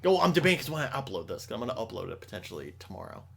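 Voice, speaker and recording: A man's voice: lowish voice, very animated, racing, creaky, a bit bright, breathy edge. A young man hosting a podcast, chatting casually, rambling and swearing often with lots of restarts. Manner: rambling, profane, frequent restarts. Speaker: podcast host.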